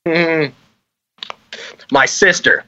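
Male veteran guest, bright slightly high voice, giggly and profane. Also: very slow, dull audio. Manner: laughing, profane, filler-heavy. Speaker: podcast guest, army veteran. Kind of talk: casual podcast chat.

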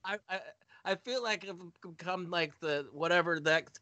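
Excitable man, bright voice, slightly high, dry sound. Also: normal speed, dry recording. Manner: giggly, excitable. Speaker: panelist.

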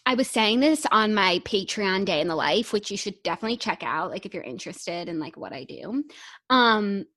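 A woman's voice: mid-range voice, expressive, moderate pace, fairly bright tone. A woman co-hosting a podcast in casual, upbeat chat, often saying "like". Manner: chatty and upbeat, uses "like" often. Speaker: podcast co-host.

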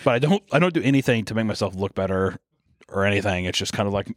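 Man, podcast co-host, casual comedic banter, swears and laughs a lot, lively pitch. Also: fast, no room sound, clean studio sound. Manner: animated, swearing, laughs often.

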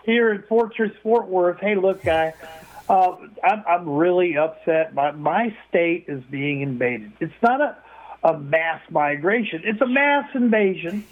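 Older male caller, high-pitched, upset and stammering, heard over a tinny phone line. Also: animated, measured pace. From Texas. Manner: upset, stammering and repeating words. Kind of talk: phone-in call.

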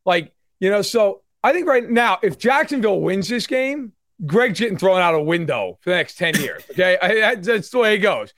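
High-pitched guy riffing on football fans, super animated, dry close mic. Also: normal speed, few pauses, no room sound. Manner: animated, acts out fans in loud mock voices. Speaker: podcast co-host. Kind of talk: casual sports chat.

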